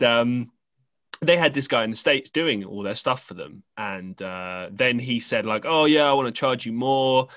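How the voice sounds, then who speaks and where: A lower-pitched English man hosting a podcast in a loose, meandering storytelling style. His voice has a bright, forceful edge, recorded close and dry on a podcast microphone with no room sound. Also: no room sound. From England. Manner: rambling and chatty, with many fillers and restarts. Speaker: podcast host. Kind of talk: casual conversational storytelling.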